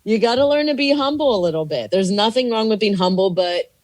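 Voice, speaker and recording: A woman's voice: medium pitch, animated, fairly quick, darkish tone. A woman comedian telling a story on a podcast in a casual, rambling way, swearing freely and acting out quoted lines. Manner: rambling, chatty with many "like" fillers. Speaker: comedian and actor, podcast guest.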